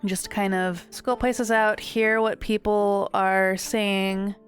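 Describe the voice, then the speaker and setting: A woman's voice: mid-range voice, flat delivery, slow pace, clean tone, soft background music. A woman playing a tabletop game, describing what her character does in a thoughtful way, with fillers and trailing phrases. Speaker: player. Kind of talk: casual tabletop game chat.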